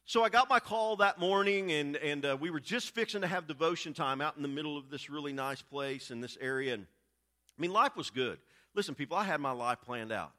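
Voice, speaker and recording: A man's voice: on the high side, brisk. A middle-aged man, preaching a sermon as a story and often repeating his words. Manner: animated, repeats words while telling a story. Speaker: pastor.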